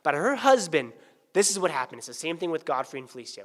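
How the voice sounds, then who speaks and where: A male pastor preaching a sermon, swinging from hushed, tender asides to loud, pleading emphasis. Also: a little high, sing-song, quick pace. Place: church sanctuary. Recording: church sanctuary with long reverb.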